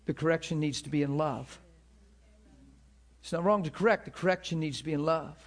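Male pastor, fairly high voice, impassioned sermon delivery. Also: brisk. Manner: impassioned preaching, laughs between points.

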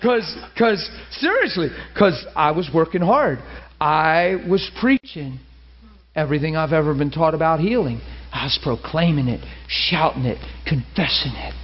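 A man preaching a sermon, telling a personal story and acting out the dialogue with lively feeling. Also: on the high side, measured pace. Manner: animated, acts out dialogue, laughs and cries while telling. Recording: muffled lo-fi recording with faint hiss.

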